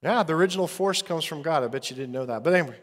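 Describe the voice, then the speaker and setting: A man's voice: a little high, expressive, racing, in a large hall. A man preaching a sermon as pastor, earnest and conversational.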